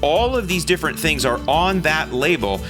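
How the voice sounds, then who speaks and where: A man's voice: a little high, sing-song, moderate pace. A man hosting a podcast, giving earnest, reassuring safety advice in a recorded aside. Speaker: podcast host. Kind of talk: recorded aside over music. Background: music.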